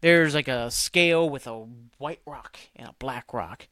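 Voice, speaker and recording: A man's voice: mid-range voice, unhurried, a bit bright, no echo, clean studio sound. Rambling, foul-mouthed man hosting a podcast. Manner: rambling and profane, heavy on "like" and "um". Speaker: podcast host. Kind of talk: casual solo podcast recap.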